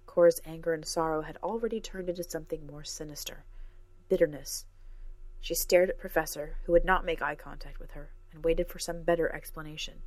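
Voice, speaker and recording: A woman's voice: low-pitched, fairly even intonation, brisk, dry recording. A woman reading a fantasy story aloud as scripted narration, raising her voice for the characters' lines. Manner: reads every character herself, lifting her voice for dialogue.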